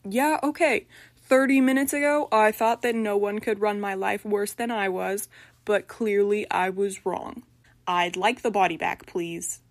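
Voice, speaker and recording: A woman's voice: mid-range voice, fairly even intonation, a little slow, no echo, close to an everyday voice. A woman voicing a casual, exasperated young man whose body has been taken over, in a storybook reading.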